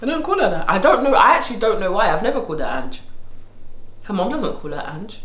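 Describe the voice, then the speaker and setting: A woman's voice: sing-song, fast talker, crowd noise. A woman co-hosting a casual chat show, teasing and playful. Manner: playful, teasing, dramatic pitch swings. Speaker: podcast co-host. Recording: echoey room with faint noise.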